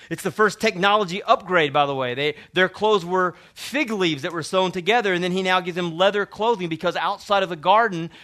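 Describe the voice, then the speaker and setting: Young guy preaching in church, kinda high bright voice, gets loud then goes quiet. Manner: preaching with swells of intensity, then drops to hushed tones. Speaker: pastor. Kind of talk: sermon. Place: church hall.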